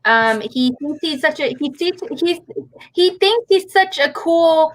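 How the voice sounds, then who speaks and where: A woman's voice: sits high, lively intonation, unhurried. A woman chatting on a livestream, rambling and giggling. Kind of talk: casual chat on a livestream.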